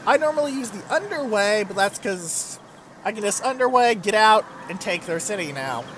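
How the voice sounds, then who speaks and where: Narrating his strategy game let's play, a man chats casually and lets a curse slip occasionally. He has a high, expressive, slightly bright voice at a moderate pace, and there's a little background noise.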